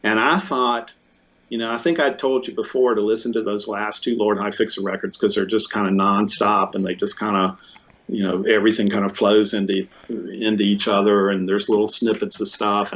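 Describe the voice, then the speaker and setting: A man being interviewed, telling a long story in a casual, rambling way with many restarts, fillers and bursts of excitement. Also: fairly low pitch, fairly quick, breathy edge. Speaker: interview guest, musician. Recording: muffled lo-fi audio.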